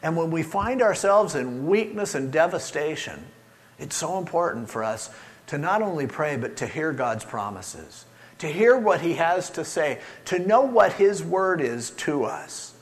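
Man, pastor preaching a sermon, lively rising and falling voice, slightly high, long hall reverb. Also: unhurried. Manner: earnest, conversational preaching with quoted prayers.

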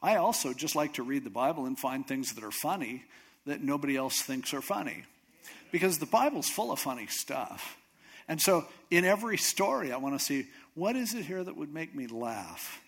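A man's voice: fairly high pitch, sing-song, normal speed, a bit bright, breathy edge. A man preaching a conversational, self-deprecating sermon. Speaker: pastor.

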